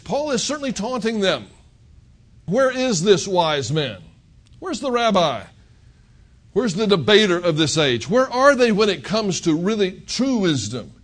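Lively high-pitched preaching man. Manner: conversational, emphatic, with rhetorical questions. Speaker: pastor. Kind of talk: expository sermon.

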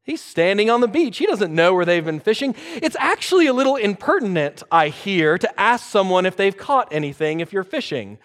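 Man preaching with a higher voice. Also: very animated, fairly quick, hardly any pauses, a bit bright. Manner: expository preaching, varies pace for emphasis. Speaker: pastor. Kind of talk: sermon.

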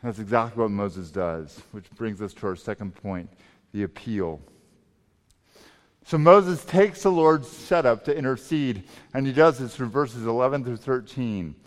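Guy preaching a sermon, pushes hard then drops quiet, big echoey church hall. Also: medium pitch, unhurried. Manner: emphatic, swings between loud and quiet. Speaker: pastor. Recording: long reverb of a large hall.

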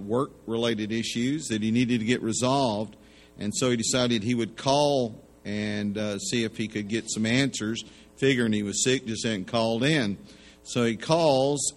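A man preaching a sermon in a folksy way, telling jokes and acting out the voices in his stories. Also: mid-range voice. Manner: folksy joke-telling, acts out voices in anecdotes. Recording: long hall reverb.

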